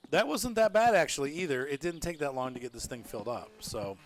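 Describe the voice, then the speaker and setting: A man's voice: a little high, expressive, brisk. A man chatting his way through a live gameplay stream from home, rambling and laughing often. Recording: loud background noise.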